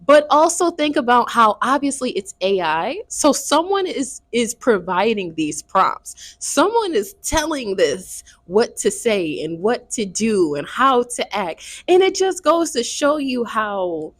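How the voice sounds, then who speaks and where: A woman's voice: fairly high pitch, very animated, takes it slowly, few pauses, dry recording. A woman chatting casually to her viewers in a book review vlog. She swears freely and keeps checking in with her audience.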